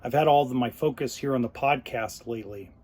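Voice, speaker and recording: A man hosting his own podcast, talking unscripted, choked up and pausing often. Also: medium pitch, a little mellow, a little hiss or hum. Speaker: podcast host. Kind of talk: unscripted solo podcast talk.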